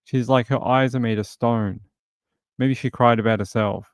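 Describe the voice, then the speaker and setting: A man's voice: medium pitch, fairly even intonation, dry recording. Sarcastic man mocking a clip, dry mic. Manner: mocking, sarcastic, rapid rhetorical questions. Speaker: true crime streamer. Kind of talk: live commentary on a news clip.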